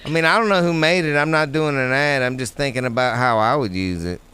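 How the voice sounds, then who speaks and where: A man's voice: medium pitch, brisk, pushed and bright, clear, resonant tone. A man hosting a live talk show, rambling and profane in casual chat. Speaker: radio show host.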